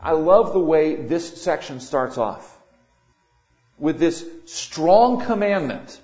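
An older man preaching a sermon, swinging between loud emphatic lines and quiet asides. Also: fairly high pitch, lively intonation, slow pace. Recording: echoey room, dull lo-fi sound.

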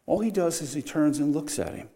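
An older man, a pastor, preaching a sermon with wry humor and sharp swings between loud emphasis and quiet, earnest moments. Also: on the high side, expressive, a little fast.

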